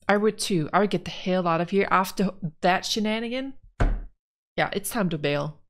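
A woman's voice: mid-range voice, normal speed. A woman giving casual gameplay commentary, rambling frankly and with exasperation about the story as a let's play gamer.

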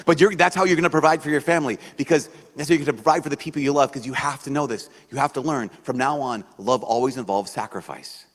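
A man preaching a sermon as a priest, in a conversational, animated way, acting out the voices he quotes. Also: mid-range voice, fast talker, few pauses. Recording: long hall reverb.

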